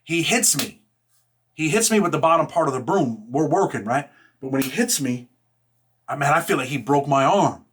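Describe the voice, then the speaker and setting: A man casually telling a personal story in rough street slang, blunt and profane, filling every pause with "man" and "right?". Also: a little high, animated, fairly bright tone, a little hiss or hum.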